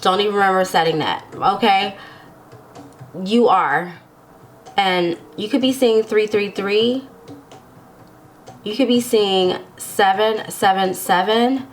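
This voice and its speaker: A woman's voice: mid-range voice, slow, long pauses, a little hiss or hum. A woman giving a casual tarot reading to viewers, chatty and giggly, often checking in with the listener. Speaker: tarot reader.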